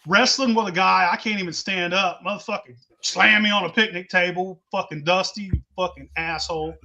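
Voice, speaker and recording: A man's voice: sits high, fairly even intonation, brisk, gravelly, sharp tone, highs cut off. A man telling a rowdy, profane drinking story in casual chat. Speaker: show host telling a story.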